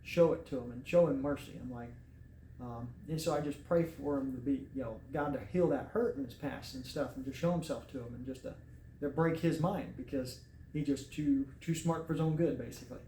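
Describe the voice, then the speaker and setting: A man's voice: mid-range voice, brisk, warm tone. A young man earnestly retelling a personal story in casual talk, quoting himself and others as he goes. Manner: earnest, quotes himself and others, repeats words. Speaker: storyteller recounting his arrest. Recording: echoey room, faint background noise.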